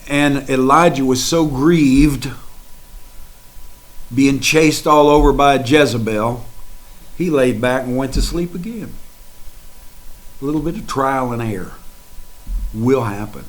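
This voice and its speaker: A man preaching a sermon in a dramatic, folksy way, swinging from hushed to loud and speaking straight to his listeners. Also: mid-range voice, takes it slowly, long pauses, poor audio.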